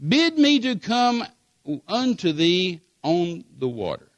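A man's voice: sits high, big pitch swings, takes it slowly, no echo, muffled recording, exaggerated voice. A man voicing the disciple Peter, pleading eagerly and hopefully to be called onto the water.

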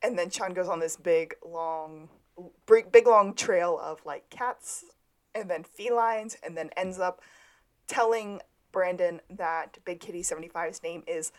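Co-hosting a podcast, a woman casually goes over a TV episode, retelling scenes from her notes while laughing frequently. Her voice is lowish and a little mellow, at a measured pace.

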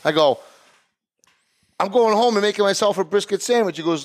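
Speaking a little fast in a high voice, this middle-aged podcast co-host of Italian heritage rants through a heated story. He runs a barbecue business and voices both sides of the exchange himself.

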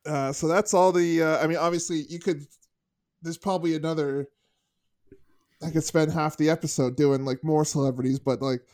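A man's voice: fairly high pitch, moderate pace. A man chatting casually on a podcast while sitting outdoors in the cold. He rambles at an easy pace, filling gaps with ums and uhs, and his voice sits a bit above the usual male range. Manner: relaxed, rambling, many fillers. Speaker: podcast co-host. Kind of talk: casual chat.

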